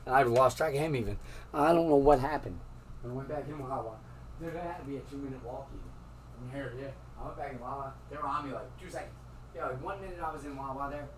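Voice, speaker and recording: A man tells a loose, wandering story in a somewhat high voice, swearing freely and breaking into laughter. He sounds set back from the microphone, with a faint hiss of noise behind him. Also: distant mic, rough recording. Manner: rambling and profane, laughing often. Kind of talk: casual storytelling.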